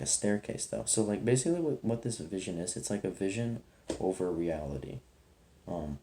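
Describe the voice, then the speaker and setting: A man's voice: low-pitched, mellow, a little hiss or hum. A young man telling a personal testimony in a casual, rambling, earnest way, leaning heavily on "like". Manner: rambling, heavy use of "like", earnest.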